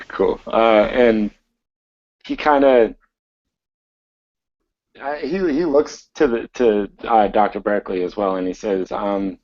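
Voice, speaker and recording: A man's voice: lowish voice, slow, long pauses, lo-fi sound. A man narrating a tabletop game as game master, rambling with many fillers over an online call.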